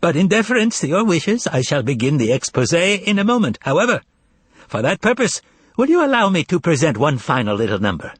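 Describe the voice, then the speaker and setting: A man's voice: a little high, big pitch swings, fairly quick, breathy edge, dry recording, pitched above the performer's own voice. A man voicing a sly, mocking male magician's assistant who talks in a mock-polite, teasing way.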